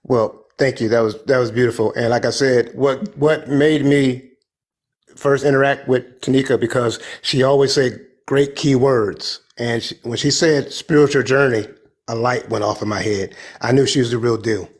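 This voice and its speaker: A man's voice: medium pitch, steady tone, moderate pace. A man giving advice in a casual talk. He speaks earnestly, with a preachy edge, and keeps repeating his key points.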